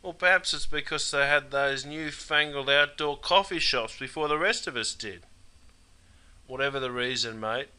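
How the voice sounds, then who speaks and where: A man's voice: medium pitch, sharp tone, clear, resonant tone. Wry Australian man saying "mate". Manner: folksy, wry, drops "mate" constantly. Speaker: English teacher. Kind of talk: scripted narration.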